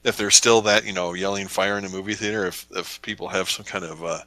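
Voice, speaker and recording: A man's voice: low-pitched, fairly even intonation, quick pace, bright, forceful tone, no room sound. A young man co-hosting a podcast, chatting casually with a wry, joking manner. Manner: wry, joking, acts out quotes in funny voices. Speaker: podcast co-host. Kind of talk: casual chat.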